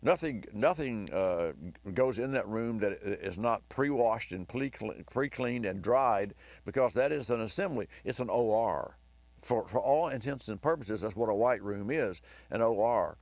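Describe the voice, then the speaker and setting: A hoarse man hosting a car advice radio show, telling a long rambling story with enthusiasm. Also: on the low side, expressive, unhurried, a little mellow, no room sound. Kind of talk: talk radio monologue.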